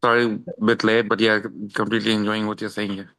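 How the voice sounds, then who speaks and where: A man's voice: lowish voice, little pitch movement, fast, pushed and bright, clear, resonant tone. A man on a team video call, casual and laughing along as he chimes in.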